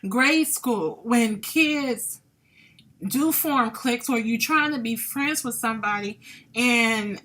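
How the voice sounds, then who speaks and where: A woman hosts a talk show and tells her own stories in a casual way. Her voice is bright and sits a little high. She speaks candidly and comes across as chatty. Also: slow. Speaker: podcast host. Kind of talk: casual personal storytelling. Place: lives in Columbia.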